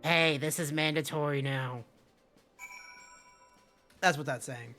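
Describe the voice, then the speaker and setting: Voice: medium pitch, takes it slowly, pushed and bright, soft background music. A streamer chatting casually and swearing freely while playing a game live, often breaking off mid-sentence. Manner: profane, rambling, self-interrupting.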